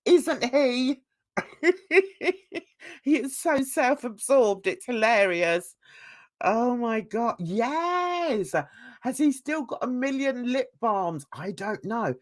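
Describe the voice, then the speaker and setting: A woman's voice: fairly high pitch, animated, slow. A woman hosting casual reaction commentary, chatty and gossipy, laughing often. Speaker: commentary channel host.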